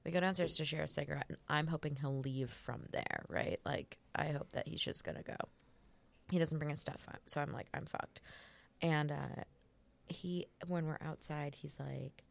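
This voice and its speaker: A woman comedian, a podcast guest, telling a bawdy personal story in casual chat and laughing often. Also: vocal fry. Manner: bawdy, laughs often, quotes people in a flat low voice.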